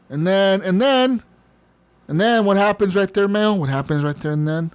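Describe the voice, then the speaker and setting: A man's voice: on the high side, expressive, normal speed, clear, resonant tone. A man co-hosting a podcast, telling a long story in casual chat, rambling and profane, often laughing. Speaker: podcast co-host.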